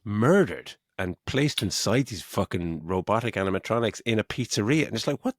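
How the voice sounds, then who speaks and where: A man's voice: fairly low pitch, expressive, a little fast, dry recording, clean studio sound. A middle-aged man co-hosting a casual film review podcast, swearing a lot and mocking the plot with frequent laughs. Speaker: podcast co-host.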